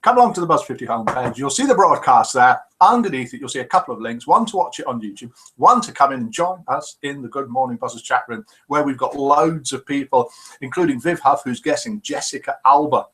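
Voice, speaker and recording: A man's voice: mid-range voice, animated, brisk, a bit bright. A man hosting a live chat show, reading out viewer comments and telling jokes in a chatty, teasing way.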